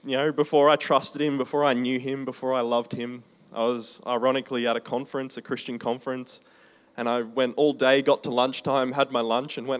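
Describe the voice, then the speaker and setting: A man preaching a testimony sermon in a conversational storytelling way, slowing down for emphasis. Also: mid-range voice, little pitch movement. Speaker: preacher sharing his testimony.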